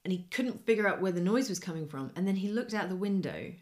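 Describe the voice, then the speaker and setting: A middle-aged woman co-hosting a podcast, telling an animated anecdote in casual chat. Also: medium pitch, quick pace. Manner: animated anecdote-telling, acts out quoted voices. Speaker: podcast co-host.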